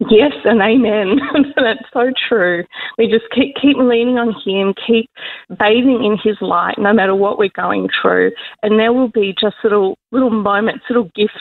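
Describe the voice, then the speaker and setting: A woman's voice: mid-range voice, no echo. Woman guest, heartfelt faith story, phone-line sound, dry. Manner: emotional, quick to laugh, lively quoting of herself. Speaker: guest on Christian radio. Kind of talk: heartfelt testimony and prayer.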